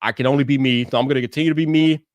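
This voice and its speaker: A man hosting his own livestream, talking to viewers in an animated, emphatic way and repeating words when he gets worked up. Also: medium pitch, rapid-fire, no room sound. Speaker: livestream host. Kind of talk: livestream rant.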